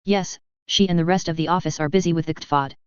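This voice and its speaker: A woman's voice: deep voice, steady tone, quick pace, clean tone, no room sound, lightly acted. A woman voicing a cheerful, eager little male snake-like alien who lisps and warbles, in a dull lo-fi recording. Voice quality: lisping. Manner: warbling, bursting with enthusiasm.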